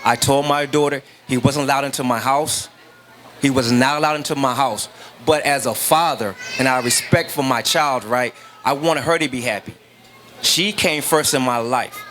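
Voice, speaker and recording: A man's voice: medium pitch, normal speed, a bit bright, slight background noise. A middle-aged man, a grieving father, giving emotional testimony in an earnest, emphatic way and repeating key phrases, close to tears.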